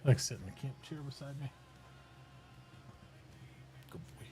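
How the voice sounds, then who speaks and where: A man streaming casually from home, chatting and talking fondly and softly to his dog. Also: medium pitch, a little slow, a little hiss or hum, rough recording. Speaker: live streamer. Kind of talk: casual chat while streaming.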